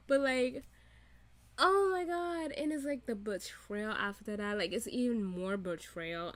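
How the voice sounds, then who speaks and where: A woman's voice: high voice, fairly bright tone. A woman hosting a reaction video, ranting in an exasperated, profane way with lots of fillers and laughter. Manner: many "like" fillers, restarts and quick rants. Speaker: reaction channel host. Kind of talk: reaction commentary.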